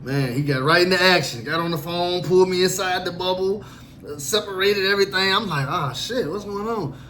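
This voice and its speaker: A man telling a true story about himself in a casual, animated and profane way, acting out the other people in it. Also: high voice, brisk, slight background noise.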